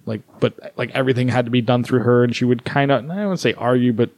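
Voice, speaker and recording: A man's voice: medium pitch, fairly even intonation, fast talker, a little mellow, no echo. A man co-hosting a podcast, chatting casually, laughing often and swearing offhand. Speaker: podcast co-host. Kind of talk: casual chat.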